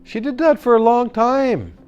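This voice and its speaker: A man storyteller telling a traditional tale to children, animated, with sound effects and call-and-response teaching words. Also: very high-pitched, unhurried, smooth, dull audio, faint music behind.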